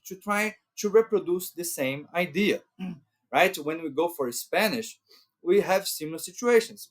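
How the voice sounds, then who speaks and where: A man, hosting an educational talk to camera and explaining patiently, often checking in with "right?". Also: on the high side. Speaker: channel host.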